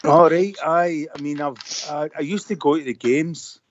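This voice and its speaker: A Glaswegian man in his fifties, from Scotland, calls in over a computer for a casual phone-in chat, rambling with plenty of fillers. His voice sits on the high side at normal speed, with no room sound, and the call line is dull and lo-fi.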